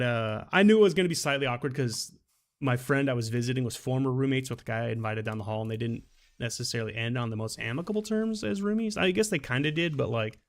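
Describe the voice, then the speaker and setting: Gravelly-voiced man rambling through stories. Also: mid-range voice. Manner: rambling, restarts a lot, laughs at his own stories. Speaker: game streamer. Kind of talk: casual storytelling while gaming.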